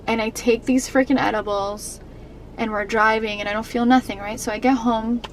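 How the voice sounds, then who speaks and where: A woman's voice: on the high side, steady tone, moderate pace, slight background noise, poor audio. Emotional young woman vlogger telling a story. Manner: emotional, rambling, many fillers and restarts. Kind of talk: candid storytime to camera.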